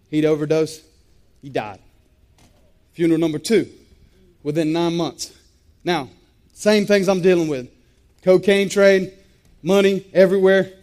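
This man's voice sits high and has a slightly mellow quality. He delivers a personal testimony with intensity and emphasis, repeating phrases to give them weight.

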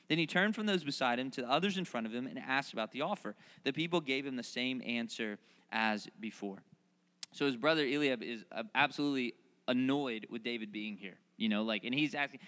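A man preaching a sermon, reading scripture and then retelling it in animated, playful asides where he voices the characters. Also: a little high, a little fast, long reverb tail. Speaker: pastor. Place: large hall, recorded outdoors in a parking lot.

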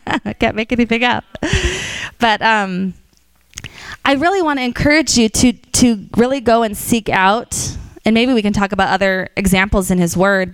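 Woman teaching a church class, smooth voice. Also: mid-range voice, no room sound. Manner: storytelling, animated quotes, frequent fillers.

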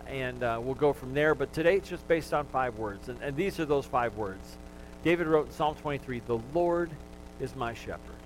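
A man's voice: medium pitch, a little hiss or hum, poor audio. A male pastor preaching a sermon, talking to the congregation in a conversational way and joking with them.

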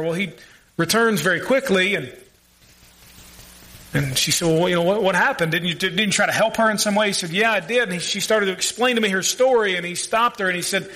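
A man's voice: a little high, sharp tone. A male pastor preaching a sermon, earnest and asking the congregation questions.

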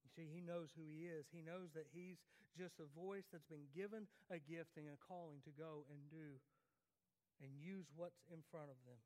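A man preaching a sermon, talking conversationally with restarts and swinging from loud emphasis to hushed asides. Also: a little high, steady tone, moderate pace. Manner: conversational preaching with repeated restarts, rising and dropping sharply for emphasis. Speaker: pastor. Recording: long hall reverb.

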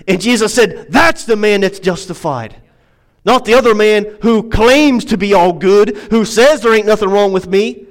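A male pastor preaching a sermon, moving from emphatic, rising passages to quieter, reflective stretches. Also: sits high, normal speed, poor audio. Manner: preaching with swelling, emphatic delivery that drops to quiet asides.

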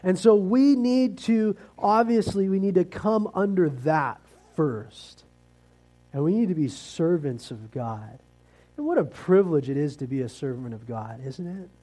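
Pastor guy preaching, reads the verses then chats through them, warm kinda high voice. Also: animated, measured pace, poor audio. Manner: reads scripture aloud, then explains it conversationally; rises and falls in emphasis, with asides. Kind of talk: sermon.

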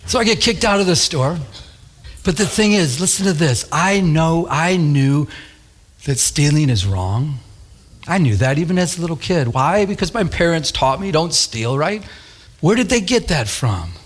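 A man with a fairly high voice preaches, first animatedly recounting a childhood memory and acting out the voices in it. He then moves to scripture, hammering it home with emphatic, repeated phrases.

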